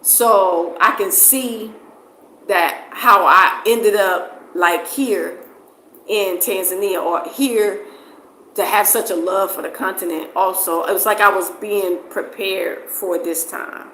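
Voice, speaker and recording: A middle-aged woman with a New Jersey accent blended with Southern US speech talks in a bright, forceful voice. Her speech rambles, looping back on itself with "like" fillers and repeats as she answers questions in casual conversation. The room echoes around her, and faint noise sits under the recording. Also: medium pitch, slow pace. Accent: New Jersey mixed with Southern US. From New Jersey, USA. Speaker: interviewee. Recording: roomy echo with faint background noise.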